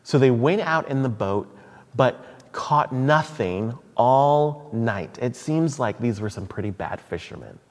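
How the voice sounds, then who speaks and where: A man's voice: medium pitch, expressive, measured pace. A man preaching a sermon in a church hall, conversational, with asides and restarts. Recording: long hall reverb.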